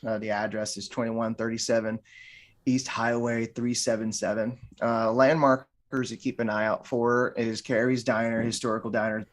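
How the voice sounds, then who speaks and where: A middle-aged man, a martial arts gym owner and podcast guest, talking casually and rambling, often repeating words and restarting. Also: mid-range voice.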